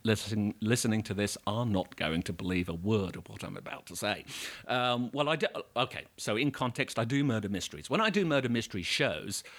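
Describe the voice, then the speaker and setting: A man with an Australian accent, a guest actor telling stories in casual podcast chat with a wry, deadpan manner. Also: lowish voice.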